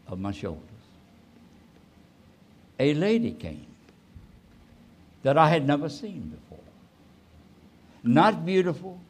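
A man in his eighties, a pastor telling a personal story in a sermon, rising suddenly and trailing off softly. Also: on the high side. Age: 80s. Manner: slow, with sudden rises and soft trailing endings.

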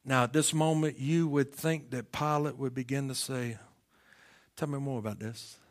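A middle-aged pastor delivers a sermon full of rhetorical questions, his mid-range voice moving at a normal speed with a steady tone. He swings between shouted climaxes and hushed near-whispers.

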